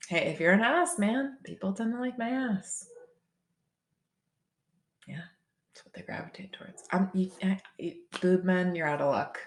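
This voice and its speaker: This young woman speaks unhurriedly in a lowish voice, leaving long pauses. A massage therapist and podcast co-host, she tells stories in casual chat, swearing and acting out what people said. The audio carries a roomy echo.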